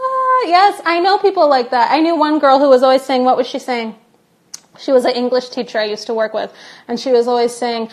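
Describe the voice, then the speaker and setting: A young woman chats in a casual live-stream Q&A, recorded on a phone. Her voice sits high. She talks playfully, cracks jokes and reads questions from viewers aloud. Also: a little fast. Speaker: English teacher hosting a live Q&A.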